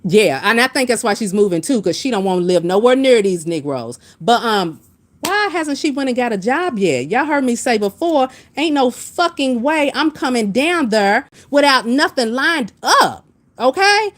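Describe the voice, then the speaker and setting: A woman's voice: fairly high pitch, moderate pace. A woman hosting a casual commentary stream, blunt and profane, reacting to viewers' comments as she talks. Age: adult with a master's degree. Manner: blunt, profane, animated, reads chat comments aloud. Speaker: commentary channel host.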